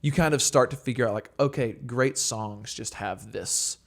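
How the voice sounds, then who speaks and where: Young male worship songwriter, podcast guest; casual, animated, filler-heavy storyteller, average pitch. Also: moderate pace, gravelly.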